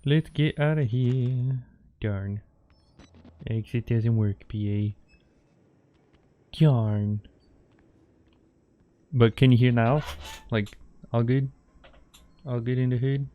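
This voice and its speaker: A man's voice: mid-range voice, little pitch movement, slow pace, pauses often, narrow, tinny audio. A man streaming a horror game, joking playfully with his chat as he plays. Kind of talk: live gameplay commentary.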